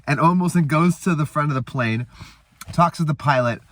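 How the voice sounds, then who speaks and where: A man's voice: on the high side, brisk, fairly bright tone, no echo. A man hosting a casual show, recapping a movie in a rambling way with fillers and swearing. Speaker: host.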